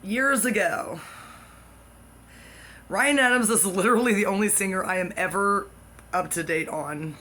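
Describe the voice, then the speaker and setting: Speaking a little slowly in a mid-range voice, someone wanders through a comic monologue that leaps between topics. Long pauses break up the excited outbursts and sudden hushed whispers.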